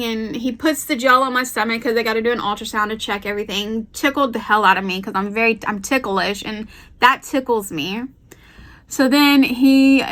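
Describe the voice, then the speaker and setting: A woman's voice: a little high, fairly bright tone. A young woman vlogger telling a personal story at home, chatty and emotional, often repeating herself.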